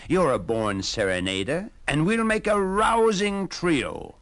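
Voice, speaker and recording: A man's voice: on the high side, lively intonation, measured pace, fairly bright tone, pitched above the performer's own voice. A man doing a hearty old donkey. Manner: hearty and coaxing.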